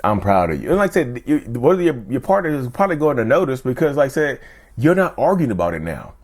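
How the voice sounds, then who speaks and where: A man hosting his channel, talking earnestly to camera in casual chat, often repeating himself and jumping up in pitch for emphasis. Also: big pitch swings, quick pace, a little mellow. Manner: earnest, repetitive, keeps asking "you see what I'm saying"; jumps sharply up in pitch for emphasis. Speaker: YouTube channel host.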